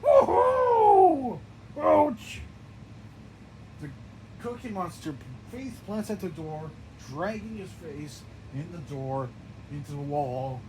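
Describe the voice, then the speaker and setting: A man improvising a game narration in an excitable, stumbling way, often restarting his phrases. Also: a little high, a little slow. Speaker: gameplay narrator. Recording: noisy background.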